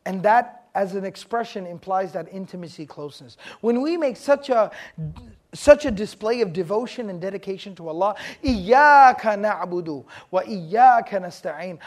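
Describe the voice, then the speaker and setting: A man from Texas with a Texan accent, lecturing a class on Quranic Arabic terms in a joking, lively way that quizzes his listeners. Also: sits high. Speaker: Islamic studies teacher.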